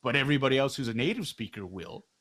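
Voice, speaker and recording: A man's voice: medium pitch, big pitch swings, quick pace, fairly bright tone. Emphatic middle-aged man. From Canada. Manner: emphatic, rhetorical questions, frequent "right?". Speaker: interview guest, actor. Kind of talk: candid conversational interview.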